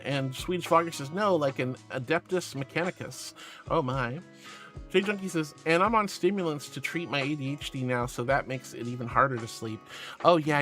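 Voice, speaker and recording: A man's voice: fairly high pitch, fairly bright tone. A man streaming as a VTuber, reading chat aloud in a sweet, doting way and calling viewers sweetie and honey.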